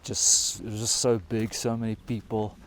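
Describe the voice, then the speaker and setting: A man's voice: on the low side, little pitch movement, moderate pace, slight background noise. A man in his thirties with a South African accent, talking casually to camera while hiking outdoors and short of breath, rambling with lots of fillers. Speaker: travel vlogger. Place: outdoors on a high mountain trail.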